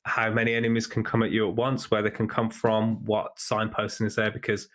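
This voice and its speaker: A man's voice: lowish voice, monotone, brisk, a bit bright. A man co-hosting a podcast who explains points thoughtfully in casual chat, with a lot of fillers. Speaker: podcast co-host.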